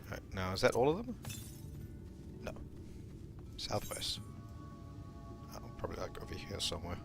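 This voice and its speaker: A man's voice: deep voice, wildly swooping pitch, moderate pace, gravelly, over music. A man chatting casually as a gaming streamer, self-mocking and humming to himself as he plays.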